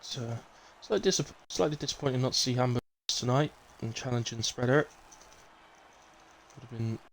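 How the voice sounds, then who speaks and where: Bristolian male race commentator, relaxed and rambling, fills dead air with chat, mid-pitched voice. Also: normal speed, vocal fry, a little hiss or hum, poor audio. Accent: Bristolian English. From Bristol, England. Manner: chatty, rambling, fills gaps with asides. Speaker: sim racing league commentator. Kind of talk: live casual race commentary.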